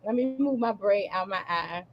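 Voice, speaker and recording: A woman hosting and comedian, running a lively podcast chat over a video call with hyped, repetitive call-outs to the audience. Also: mid-range voice, moderate pace, highs cut off. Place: Baltimore.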